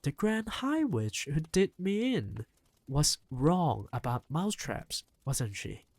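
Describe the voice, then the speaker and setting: A reader voicing an excitable young boy who has been turned into a mouse, in an audiobook reading, with eager, breathless exclamations. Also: mid-range voice, slow, no echo, voice pushed up, heavily acted. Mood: earnest.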